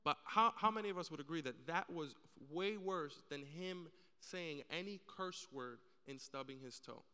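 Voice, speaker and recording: Man, church panel speaker; earnest storyteller, crisp tone, reverberant hall. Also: on the high side, moderate pace, few pauses, bright, forceful tone. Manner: earnest storytelling, acts out quoted voices.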